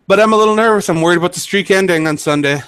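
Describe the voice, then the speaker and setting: Male co-host, slightly high voice, dry close sound, measured and factual. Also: fairly bright tone, clear, resonant tone, no room sound. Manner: quick, measured, corrects and adds facts. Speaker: podcast co-host. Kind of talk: casual sports podcast chat.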